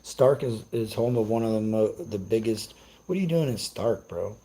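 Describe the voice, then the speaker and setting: A man's voice: on the low side, animated, moderate pace, dark tone, poor audio. Brash profane man ranting on stream. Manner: profane, brash, trash-talking. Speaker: streamer reacting to chat. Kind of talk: casual live-stream rant.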